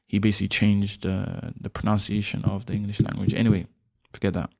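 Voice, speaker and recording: A man with a gravelly, creaky voice talks through Arabic letters in a loose, casual lesson. He repeats throat sounds slowly and over-emphasized, breaks off to correct himself, and chats along the way. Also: lowish voice, completely flat delivery, dark tone. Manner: demonstrates throat sounds with exaggerated repetition; self-correcting, chatty, laughs at himself. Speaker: Arabic teacher.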